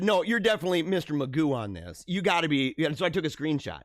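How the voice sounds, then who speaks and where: A man hosting a live online show, talking in a high-ish, bouncy voice that swings up and down. He chats loosely and laughs a lot, calling people dude and man. The sound is close and dry, with no room behind it. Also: fast, dry recording. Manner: animated, laughing, slangy ("dude", "bro", "man"). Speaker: livestream show host. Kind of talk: casual live-show chat reading viewer comments.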